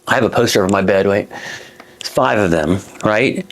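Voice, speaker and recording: A man's voice: on the low side, brisk. A man in his fifties from Florida, a comedian telling a long anecdote in a dressing room, rambling with many restarts and asides. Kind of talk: stand-up style storytelling.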